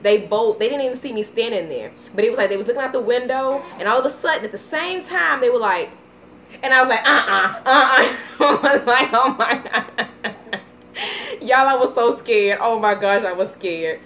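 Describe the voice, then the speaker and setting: A woman in her thirties with a Southern US accent, chatting casually on a live vlog, telling stories with lively baby talk. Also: a little high, a little fast, a little hiss or hum. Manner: animated storytelling with playful baby talk. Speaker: vlogger.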